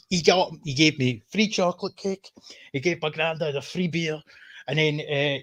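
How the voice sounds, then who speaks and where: A man's voice: on the high side, a bit bright. A Scottish man chatting casually on a stream, swearing freely and laughing through his anecdotes. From Scotland. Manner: swears freely, laughs while telling stories. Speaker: stream guest. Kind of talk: casual chat.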